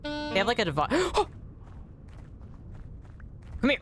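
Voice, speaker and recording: A woman's voice: wildly swooping pitch, over music. A woman streaming a video game, chatting to viewers and swearing when she misses. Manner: swears often, quick to frustration; pitch jumps high when annoyed. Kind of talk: live gameplay commentary.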